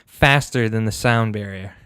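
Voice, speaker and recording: A man's voice: fairly low pitch, moderate pace, fairly bright tone, clean tone, no echo, clean studio sound. A man co-hosting a podcast, chatting casually with crude, teasing banter. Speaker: podcast co-host. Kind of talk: casual chat.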